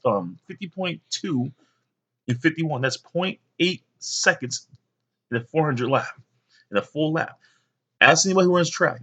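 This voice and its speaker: A young man with a medium-pitched voice tells his sons rambling stories casually to camera. He uses many fillers and bursts into liveliness whenever he quotes others.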